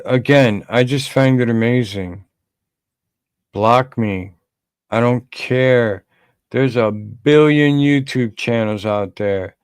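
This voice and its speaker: A man talks casually on a livestream podcast, rambling and calling out viewers by name. His voice is smooth and clear, and he speaks slowly and unhurriedly. The sound is dry and close, with no room echo. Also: medium pitch. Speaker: podcast co-host.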